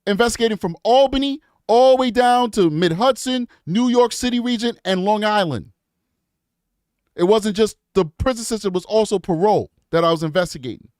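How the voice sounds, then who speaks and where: Guy hosting a true crime stream, kinda high voice, rambly then gets heated, dry close sound. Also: a little fast, a little mellow, dry recording. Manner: chatty, rambling, goes off on impassioned tangents. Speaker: true crime show host. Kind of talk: live-stream commentary.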